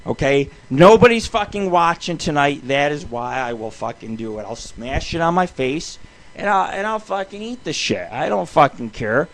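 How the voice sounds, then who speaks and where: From a home studio comes a foul-mouthed man's voice, on the high side and moderately paced, over a slight hiss or hum. As a radio show host he delivers a rambling monologue, ranting, swearing and getting excitable in a loose way.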